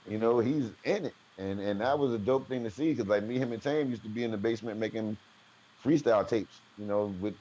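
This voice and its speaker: Animated New Jersey man telling stories. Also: on the low side, a little fast, highs cut off. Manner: animated storyteller, slangy, acts out quotes. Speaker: guest rapper. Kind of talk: casual storytelling interview.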